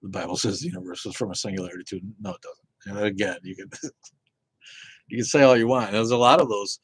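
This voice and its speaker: Husky, low-voiced man ranting casually. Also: fast talker, no room sound, rough recording. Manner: rambling, profane, many fillers and restarts. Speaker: host of an atheist live show. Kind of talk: casual live Q and A chat.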